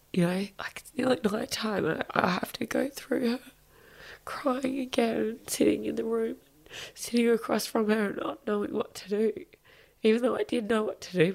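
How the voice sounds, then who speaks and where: A woman's voice: medium pitch, gravelly, darkish tone. A woman in her thirties, a podcast guest, talking candidly and with feeling, sometimes swearing and sinking to a whisper. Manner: emotional, confessional, swears and drops to a whisper. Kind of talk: candid interview talk.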